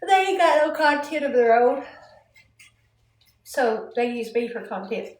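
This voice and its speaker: High-voiced chatty woman, roomy echo. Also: lively intonation, unhurried. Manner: chatty, yawning, rambling. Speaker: livestream host. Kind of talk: casual chat with viewers.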